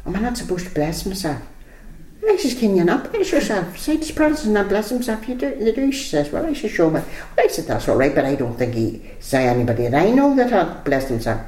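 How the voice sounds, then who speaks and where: A woman's voice: medium pitch, big pitch swings, brisk, mellow. An older woman, reminiscing casually in an interview and retelling old conversations in a chatty storytelling manner. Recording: roomy echo.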